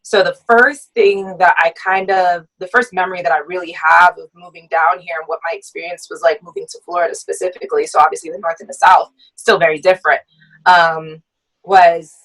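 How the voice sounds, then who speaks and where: A young woman speaks as a podcast guest, her voice sitting on the low side. She tells her story reflectively, often pausing on hesitant ums. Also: a bit bright, poor audio. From United States. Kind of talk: personal storytelling in a podcast conversation.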